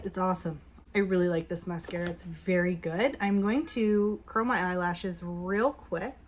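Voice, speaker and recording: A woman's voice: medium pitch, slight background noise. Upbeat woman chatting through a makeup review. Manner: chatty and upbeat, with hushed asides while applying. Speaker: beauty vlogger.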